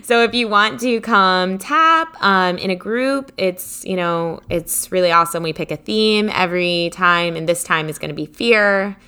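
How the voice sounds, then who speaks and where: Casting note: woman podcast co-host, bright tense tone, bubbly chatter, fond of "like". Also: lowish voice, smooth. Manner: bubbly, quick to laugh, lots of "like". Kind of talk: casual chat.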